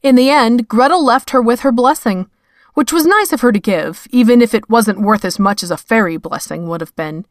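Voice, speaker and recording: Woman reading a story aloud, measured and a bit wry, dead dry room. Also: fairly high pitch, no echo. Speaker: narrator. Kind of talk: scripted fiction narration.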